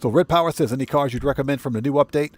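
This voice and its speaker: A man's voice: mid-range voice, racing, no room sound. A man hosting a solo game livestream, casually reading and answering chat with frequent chuckles, speaking. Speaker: livestream gamer host.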